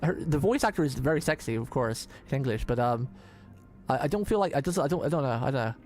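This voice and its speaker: A man's voice: mid-range voice, lively intonation, fast talker, a little mellow, faint music behind. A man streaming a game, chatting casually and rambling, repeating words and restarting his sentences often. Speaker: vtuber streamer. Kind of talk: casual live-stream commentary.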